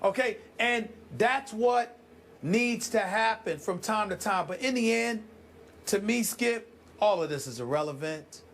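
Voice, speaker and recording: Emphatic high-voiced man debating sports. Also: a bit bright, slight background noise. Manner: emphatic, drawn-out dramatic delivery.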